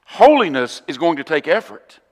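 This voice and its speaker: A male preacher with a Southern US accent, his voice sitting a little high for a man. He preaches earnestly and with emphasis, then drops suddenly to a hushed tone. Each line trails into the long reverb of a church hall. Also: sing-song, normal speed. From southern United States. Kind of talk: sermon. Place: church auditorium.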